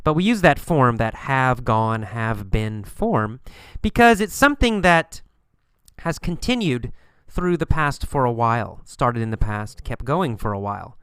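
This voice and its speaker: A man teaching English in a recorded lesson, speaking slowly and deliberately and repeating phrases for learners. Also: mid-range voice, lively intonation, fairly bright tone, smooth, no room sound.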